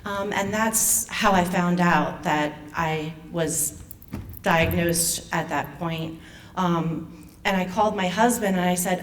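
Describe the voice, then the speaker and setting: A foundation president who is also a patient tells her personal story to an audience at an event venue. Her fairly low voice sounds nervous and emotional, halting and restarting. The mic is distant, with faint room noise.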